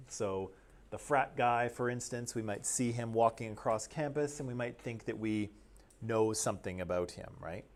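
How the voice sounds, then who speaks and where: A man's voice: medium pitch, darkish tone. A man from Canada teaching a class, explaining things step by step and checking in with his students. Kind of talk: classroom lecture.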